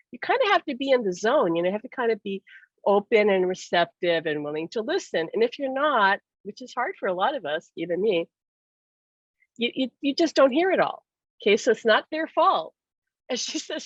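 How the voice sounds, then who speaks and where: A woman's voice: medium pitch, dry recording. A woman hosting a casual spiritual talk, chatty, laughing often and acting out the voices she quotes. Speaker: host. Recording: dry, dull lo-fi sound.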